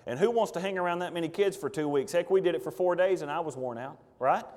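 A man preaching a sermon as pastor, fervent and folksy, swinging between loud outbursts and quiet asides. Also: fairly high pitch, quick pace, in a large hall. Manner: folksy, plain-spoken.

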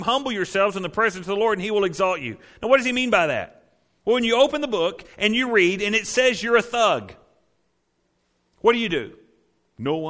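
Emphatic male preacher, loud to hushed. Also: sits high. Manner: conversational, checks in with "right?". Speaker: pastor. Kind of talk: sermon.

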